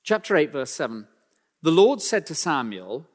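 A man's voice: sing-song, moderate pace. Male preacher in a reverberant hall. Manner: emphatic, builds in pitch and volume then drops low and quiet; dry self-deprecating asides. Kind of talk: sermon.

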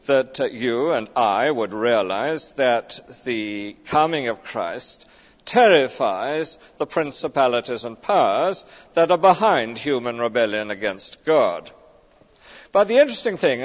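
A man preaching a sermon, emphatic, often tagging on rhetorical questions. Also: a little high. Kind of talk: expository sermon. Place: large church. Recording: dull recording with long church reverb.

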